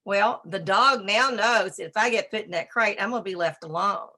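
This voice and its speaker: Gravelly, bright-toned woman lecturing. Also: mid-range voice. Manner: brisk, emphatic, conversational; talks to a slide assistant. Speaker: dog behavior speaker. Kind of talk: presentation lecture.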